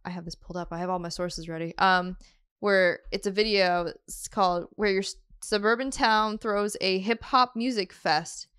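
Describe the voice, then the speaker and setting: A woman's voice: mid-range voice, steady tone, normal speed, a bit bright, clean tone, dry recording, studio quality. A woman co-hosting a podcast in casual chat, giggling often and trailing off with fillers. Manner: giggly, laughs often mid-sentence; trailing filler-heavy phrasing. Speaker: podcast co-host.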